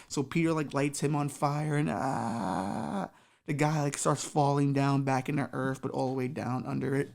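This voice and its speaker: A woman's voice: a bass voice, steady tone, moderate pace, creaky, darkish tone. A woman hosting a comedy podcast, telling a crude improvised story in a rambling way. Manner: rambling, filler-heavy, crude.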